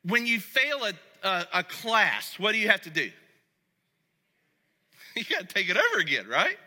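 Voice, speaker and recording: A man preaching a sermon as pastor, talking to the congregation conversationally and going soft and low when he reads scripture. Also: sing-song, moderate pace. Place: church sanctuary. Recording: long reverb of a large hall.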